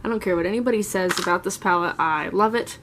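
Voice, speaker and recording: A woman's voice: on the low side, quick pace, background noise. A woman in her twenties chatting through a casual makeup collection tour, gushing and rambling as she talks. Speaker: beauty vlogger. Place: at home, seated.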